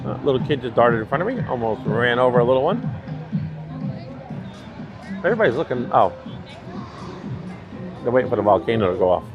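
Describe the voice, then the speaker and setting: A man's voice: mid-range voice, sing-song, brisk, pauses often, narrow, tinny audio. A man with a New York accent chatting casually on a live stream, rambling and chuckling as he rides through a busy theme park. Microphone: handheld phone while riding a mobility scooter. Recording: noisy crowd and loud music. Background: crowd chatter and park music.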